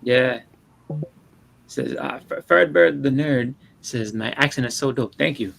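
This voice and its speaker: A man's voice: medium pitch, measured pace, vocal fry, a bit bright, low-quality recording. A man with a Boston accent, chatting casually as a podcast host and rambling, often repeating words mid-sentence. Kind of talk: casual chat.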